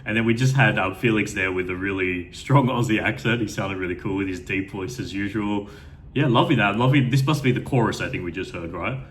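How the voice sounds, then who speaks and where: A man's voice: on the low side, fairly quick, slight background noise. A man giving an unscripted first-time reaction to a music video, rambling with enthusiasm and plenty of fillers and restarts.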